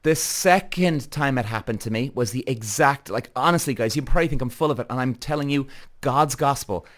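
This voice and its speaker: Irish male podcast host, mid-pitch voice, heated storytelling rant, swears a lot. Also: fairly quick, a bit bright. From Ireland. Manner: heated, swears freely, addresses viewers directly.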